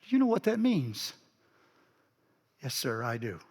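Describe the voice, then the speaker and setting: A male pastor telling a story in a sermon, dropping to a hush and then swelling for emphasis. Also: mid-range voice, very animated, measured pace, slightly rough. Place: church sanctuary. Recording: long reverb of a church sanctuary.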